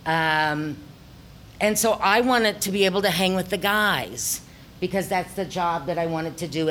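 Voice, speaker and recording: A woman's voice: on the low side, a bit bright, a little hiss or hum. Ozark-accented woman telling her story. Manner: reflective storytelling with frequent ums. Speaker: theater director. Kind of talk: personal talk to an audience.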